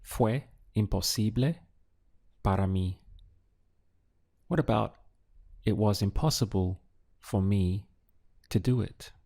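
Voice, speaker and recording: A man whose first language is Spanish, giving a slow audio language lesson and drilling phrases with patient pauses. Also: fairly low pitch, creaky, warm tone. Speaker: Spanish tutor.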